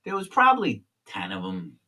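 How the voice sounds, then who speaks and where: A former prisoner telling candid stories in a blunt, streetwise way, swearing freely. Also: male voice, medium pitch, wildly swooping pitch, normal speed, pushed and bright, far from the mic. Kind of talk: candid storytelling.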